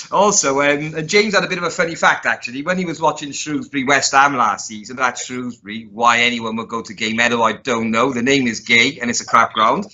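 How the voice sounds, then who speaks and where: A man co-hosting a casual podcast, making dry deadpan jokes with hesitant ums. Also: medium pitch, moderate pace. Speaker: co-host. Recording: slightly dull lo-fi sound.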